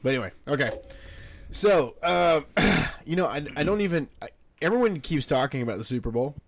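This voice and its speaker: A man's voice: fairly high pitch, expressive, no room sound. A man hosting a podcast, chatting casually with friends, laughing and swearing often. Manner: laughing, swearing, quick asides. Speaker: podcast host. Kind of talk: casual chat.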